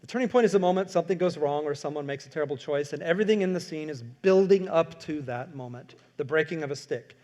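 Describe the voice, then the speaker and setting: Male speaker, slightly high pitch, energetic workshop lecture with acted-out quotes. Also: quick pace, few pauses. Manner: animated, acts out quoted lines, asks the audience questions. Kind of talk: lecture to an audience.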